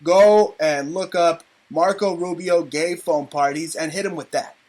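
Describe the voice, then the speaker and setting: Talk radio host, male, raised-pitch voice, loud crude political ranter. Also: a little slow. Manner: loud, ranting, profane. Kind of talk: crude comedic political rant.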